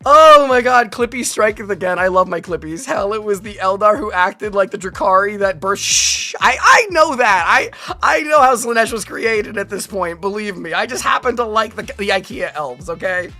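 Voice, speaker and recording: A woman VTuber chatting casually on a live stream. She reads out viewer comments in an animated, rambling way and is quick to laugh. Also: mid-range voice, soft background music.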